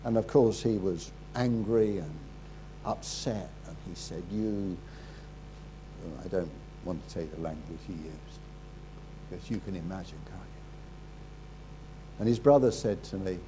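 Slow, low-key preacher man. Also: background noise. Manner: halting, repeats words, drops low and quiet for serious moments. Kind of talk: sermon storytelling.

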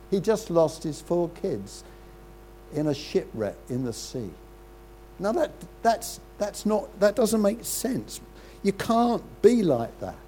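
An older man preaching a sermon in a conversational way, with rhetorical questions and frequent throat-clearing. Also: fairly high pitch, a little mellow, slight background noise.

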